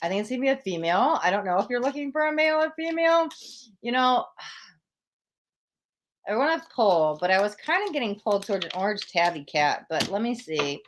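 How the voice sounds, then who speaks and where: A woman's voice: mid-range voice, sing-song, moderate pace, a little hiss or hum. Emotional woman giving live tarot readings. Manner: emotional, gushing, talks straight to viewers.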